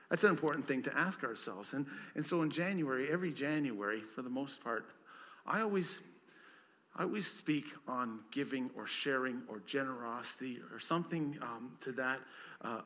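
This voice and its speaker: A man's voice: mid-range voice, a bit bright. A man, a pastor, preaching a conversational sermon, full of rhetorical questions and repeated words.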